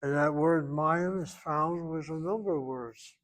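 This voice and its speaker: A man with a slightly high voice leads a classroom grammar lesson. He explains step by step and repeats each word slowly, as a drill. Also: fairly bright tone, poor audio. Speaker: Hebrew teacher.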